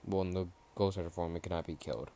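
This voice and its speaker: A man's voice: low voice, fairly even intonation, fast talker, dark tone. A man casually narrating his own fan story, rambling and offhand with frequent fillers.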